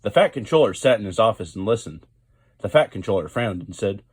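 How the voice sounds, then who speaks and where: A man reading a children's storybook aloud in clear, steady narration. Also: lowish voice, brisk.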